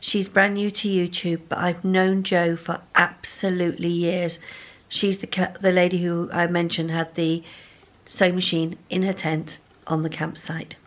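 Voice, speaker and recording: A woman with a slightly low voice chats through her sewing projects and plans. She rambles a little and pokes fun at herself, like a friendly home vlogger recording on her phone. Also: little pitch movement, unhurried. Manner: chatty, rambling, self-deprecating. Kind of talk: casual vlog chat.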